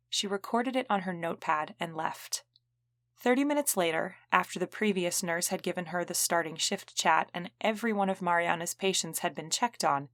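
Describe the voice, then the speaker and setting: A woman narrating an audiobook in an even, clear storytelling manner. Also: fairly low pitch, no room sound. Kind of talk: scripted narration.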